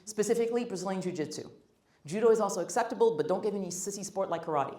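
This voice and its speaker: Racing along in a mellow, medium-pitched voice, a woman gives a live workshop talk that is blunt, emphatic and wryly funny. The recording has the echo of a large hall.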